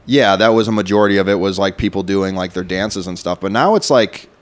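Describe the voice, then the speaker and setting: A man's voice: deep voice, a little fast. A man talking as a podcast guest, blunt and profane, often restarting his sentences. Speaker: comedian guest. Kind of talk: casual podcast chat.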